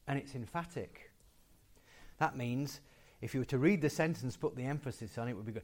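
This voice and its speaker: A male preacher delivering a sermon in a voice of ordinary pitch for a man. He leans on key words, repeats phrases for weight and moves from loud declaration down to quiet, low lines. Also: expressive, a little fast. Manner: emphatic, with repeated phrases and big swings in loudness.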